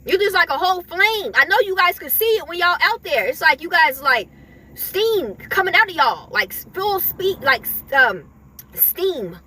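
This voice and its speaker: Woman vlogger, very high voice, bright and sharp, emphatic spiritual pep talk, repeats herself. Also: big pitch swings, normal speed. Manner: emphatic, repetitive, chuckles between points.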